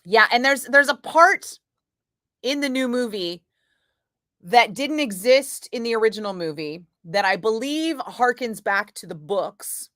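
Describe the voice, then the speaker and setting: A woman's voice: a little high, lively intonation, measured pace, a bit bright, no echo, studio quality. A woman radio host from Northern California chatting casually with her live chat, laughing often, swearing freely and rambling through asides. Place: radio studio.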